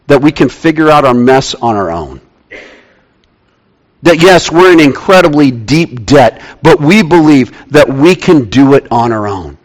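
A man preaching a sermon to his congregation, emphatic and repeating key phrases, sometimes dropping to a quiet, slow delivery. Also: on the high side. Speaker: pastor. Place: church sanctuary with congregation.

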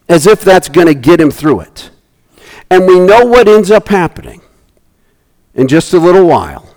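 A man delivers a sermon in an animated preaching style. His voice sits a little higher than most men's, and it jumps sharply whenever he acts out the people in the passage. He often repeats and restarts phrases as he goes. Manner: animated preaching, voices characters with big swings in pitch. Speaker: pastor.

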